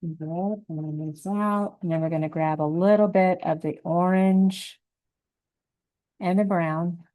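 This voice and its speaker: A woman giving a gentle, unhurried step-by-step painting lesson, talking through each brush stroke as she works. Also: on the low side, fairly even intonation, narrow, tinny audio. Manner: gentle, unhurried, thinking aloud while painting. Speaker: painting instructor.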